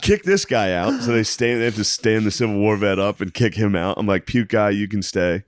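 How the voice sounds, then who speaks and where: A man's voice: on the low side, a little fast. A man who co-hosts a podcast and does stand-up, telling a profane story in casual chat, laughing often and acting out the people in it. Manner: profane, laughing, acts out people in his stories. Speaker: podcast co-host and stand-up comedian.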